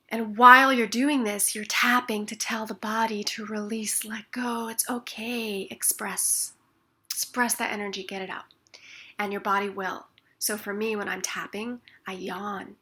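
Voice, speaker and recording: Woman, bright tone, expressive wellness teacher, slips into soft near-whispers. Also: medium pitch, normal speed. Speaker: tapping practitioner. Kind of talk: instructional explanation with demonstrations.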